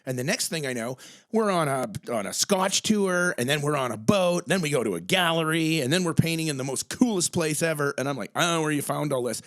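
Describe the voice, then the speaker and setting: A chatty man hosting a relaxed conversation, talking in long rambling runs. His voice sits a bit high for a man, and he gushes with praise, acting out quick snippets of dialogue as he goes. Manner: effusive, rambling, acts out quoted voices. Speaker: podcast host. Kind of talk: casual chat.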